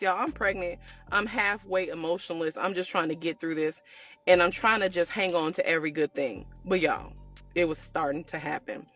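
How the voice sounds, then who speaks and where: A woman telling her viewers a personal story in a casual storytime way, animated and chatty, calling them y'all. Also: on the low side, moderate pace, soft background music. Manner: animated, addresses viewers as y'all, acts out quotes. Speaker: storytelling vlogger.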